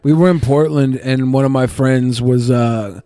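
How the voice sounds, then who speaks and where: A man's voice: medium pitch, steady tone, a little slow, warm tone, no echo. A man co-hosting a podcast in casual chat, telling stories and dropping dry, joking asides. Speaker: podcast co-host.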